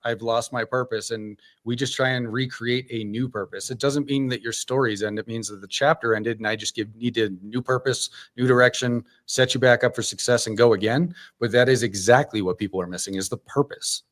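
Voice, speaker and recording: Earnest Boston man, middle pitch. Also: steady tone, brisk, hardly any pauses, a bit bright. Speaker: guest, service dog nonprofit founder. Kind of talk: casual podcast chat.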